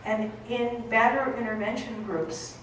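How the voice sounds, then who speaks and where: Her voice is fairly high and steady, moving at a moderate pace as she lectures emphatically in a conference hall with her Boston accent, frequently asking "okay?" The recording is echoey and distant, with slight background noise.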